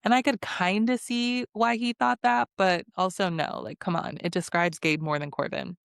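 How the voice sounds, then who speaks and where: A woman's voice: mid-range voice, steady tone, moderate pace, vocal fry, smooth, no echo, studio quality. A woman hosting a casual recap vlog of a reality show, talking bluntly and sarcastically, swearing and laughing often.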